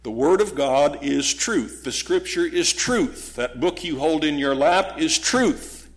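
A man preaching a sermon, emphatic, with dramatic pauses and sudden loud stresses, now and then mocking opponents' voices. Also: on the high side, animated. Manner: acts out voices of critics with mock gasps.

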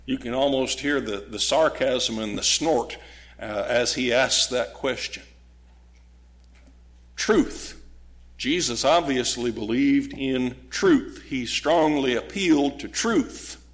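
A man preaching a sermon, emphatic, with dramatic pauses and sudden loud stresses, now and then mocking opponents' voices. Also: medium pitch. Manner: acts out voices of critics with mock gasps.

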